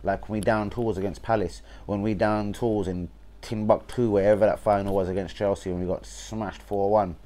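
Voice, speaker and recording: Brief: young London man, lowish voice, fan-channel host, blunt sweary livestream rant, heavy slang. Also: darkish tone. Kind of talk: casual football rant livestream.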